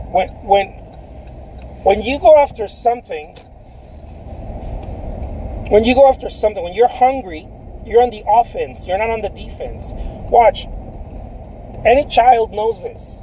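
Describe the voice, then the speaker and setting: A man with a fairly high voice talks casually to his livestream viewers, giving a painter's career advice. He is emphatic, repeats his phrases and keeps calling the listener dude. Faint traffic noise sits behind him. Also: a little mellow.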